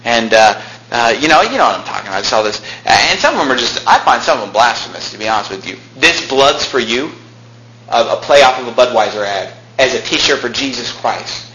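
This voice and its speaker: A male pastor preaching a combative sermon, with big swings in pitch and loudness that climb to shouts. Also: animated, quick pace. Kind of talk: fiery Baptist sermon. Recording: echoey room with faint noise.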